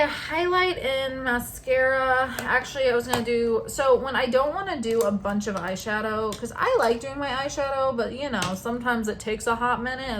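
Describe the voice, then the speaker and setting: A young woman with a slightly high voice chats casually to a close-up camera, wandering off on tangents and trailing off mid-thought. A faint hiss sits under the recording. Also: a bit bright. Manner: chatty, rambling, trailing into asides. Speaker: vlogger. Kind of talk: casual chat while doing makeup. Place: home at night. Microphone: camera very close to her face.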